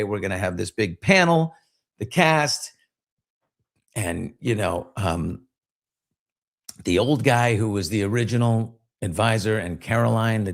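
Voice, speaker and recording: Gravelly older man, chatty host. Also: lowish voice. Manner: conversational, reads comments aloud, trails off and restarts. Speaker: podcast host. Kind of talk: casual commentary. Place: studio.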